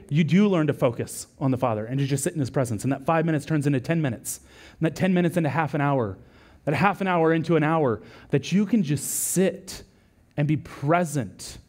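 This male lead pastor preaches a sermon in a conversational, storytelling style, with a voice on the high side at a moderate pace. His storytelling is animated, he acts out quotes, and he frequently drops in "right?" asides.

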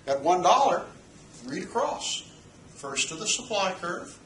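A man's voice: sits high, sing-song, a little slow, a bit bright, slight background noise. A man teaching economics in a lecture, asking rhetorical questions and checking in with "okay?". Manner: asks the class rhetorical questions. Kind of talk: recorded lecture. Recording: echoey room, mic at a distance.

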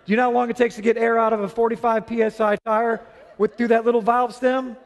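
A middle-aged male pastor preaching a sermon, telling a story with animated delivery and acting out both sides of a quarrel. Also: extremely high pitch, quick pace. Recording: long hall reverb.

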